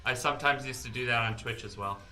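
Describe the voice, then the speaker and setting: A stream co-host bantering in a dry, deadpan way, delivering mock-serious statements. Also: mid-range voice, fast, reverberant, faint music behind. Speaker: co-host of a music stream show.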